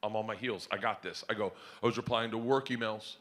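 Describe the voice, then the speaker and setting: A man doing a stand-up comedy set, telling a story loudly and acting out the other people in it with shouted voices. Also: on the low side, fairly quick, background noise. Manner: loud, animated storytelling that jumps into shouted voices. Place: comedy club stage before an audience.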